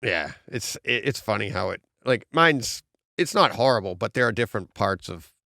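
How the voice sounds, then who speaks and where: A man's voice: lowish voice, animated, moderate pace, vocal fry, pushed and bright, dry recording, studio quality. A middle-aged man with a Boston accent, hosting a podcast in rambling casual chat and laughing often. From Massachusetts. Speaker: podcast host.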